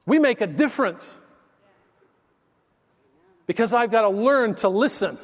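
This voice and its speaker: A man's voice: high-pitched, lively intonation, measured pace, long reverb tail. A male pastor preaching a sermon, telling stories in an emphatic, conversational way.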